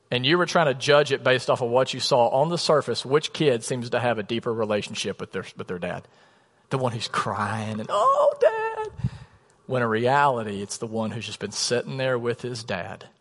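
A man in his thirties, a pastor, preaching a sermon in a chatty storytelling way, often dropping to a soft low voice for emphasis. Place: church sanctuary. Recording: long reverb of a church hall.

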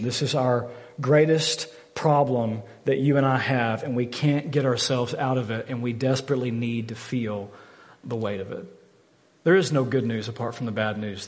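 A man in his thirties preaching a sermon, earnest and candid, often repeating words as he stresses a point. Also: mid-range voice. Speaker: pastor. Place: church sanctuary. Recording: long hall reverb from a church.

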